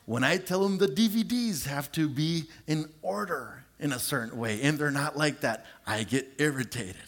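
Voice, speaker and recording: A middle-aged male pastor preaching a sermon, animated and confessional, joking with his congregation and stretching words out for emphasis. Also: normal speed. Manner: animated and confessional, draws out words, shifts pitch sharply for emphasis; lively, joking asides to the congregation.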